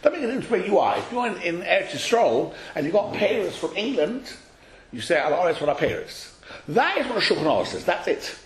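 A man teaching a study class, explaining a text to his students in an animated, questioning way and calling on them by name. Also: sits high, fast talker. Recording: echoey room.

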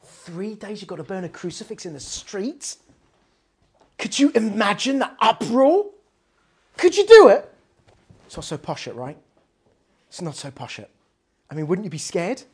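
A woman teaching a lively Torah lesson, asking many rhetorical questions and mixing in Hebrew terms. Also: mid-range voice, normal speed, long pauses, breathy edge.

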